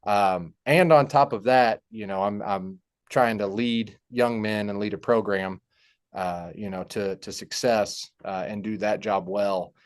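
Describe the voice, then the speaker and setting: A young man telling a personal story in a halting, heartfelt way, with many fillers and restarts. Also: on the low side, fairly even intonation. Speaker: podcast guest. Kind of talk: personal story in casual conversation.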